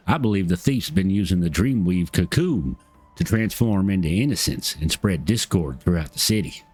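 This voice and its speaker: A man's voice: lowish voice, a little mellow, breathy edge, dry recording. A man voicing an earnest young woman on a thief hunt, in a put-on Southern US twang with formal, old-fashioned phrasing, reading game dialogue aloud.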